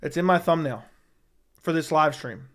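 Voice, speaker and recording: Speaking at a moderate pace with a slightly high voice, a man runs a laid-back MMA livestream through a studio dynamic microphone. He responds to viewer comments bluntly, with frequent swearing and repetition.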